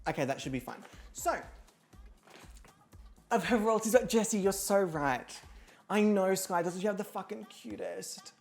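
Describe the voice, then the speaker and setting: A chatty woman hosts a game livestream from her home computer, her voice at an ordinary middle pitch. She talks fast and excitably, swears freely and breaks off to talk to her pets. Faint music plays behind her. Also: vocal fry. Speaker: host of an online reality show game stream. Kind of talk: casual livestream chat.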